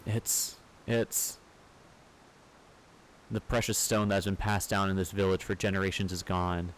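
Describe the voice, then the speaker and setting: A man's voice: low voice, fairly even intonation, a little slow, a little hiss or hum, low-quality recording. A man voicing a spirited little summoner girl who insists she is grown-up, reading the game's dialogue aloud. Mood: earnest.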